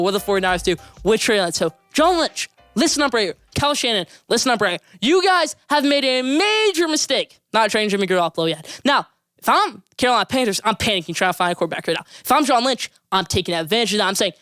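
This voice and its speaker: Fast-talking emphatic young male sports host. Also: high voice, sing-song, bright, forceful tone, clean tone, no echo, faint music behind. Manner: rapid, emphatic, opinionated, repeats names for emphasis. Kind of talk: solo sports opinion podcast.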